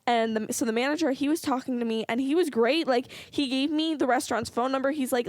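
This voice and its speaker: Young woman, high voice, dry close sound, rambling and halting, podcast co-host. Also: no echo. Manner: rambling, halting, giggly talker. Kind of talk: casual chat.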